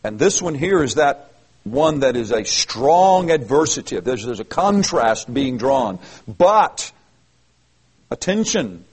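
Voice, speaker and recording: Husky-voiced man teaching scripture. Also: medium pitch, sing-song, a little slow, low-quality recording. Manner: earnest, emphatic, with frequent restarts. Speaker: preacher. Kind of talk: expository Bible teaching.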